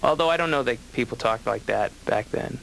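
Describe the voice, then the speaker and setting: A man's voice: mid-range voice, brisk, vocal fry, a bit bright, slight background noise, rough recording. Brief: offhand male stand-up, wry and rambling. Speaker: comedian patient. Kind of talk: stand-up monologue.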